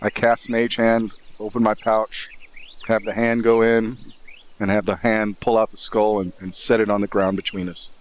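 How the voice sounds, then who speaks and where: Low-voiced man stating game actions. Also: level tone. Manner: deliberate, stating actions step by step. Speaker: player. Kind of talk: tabletop game play.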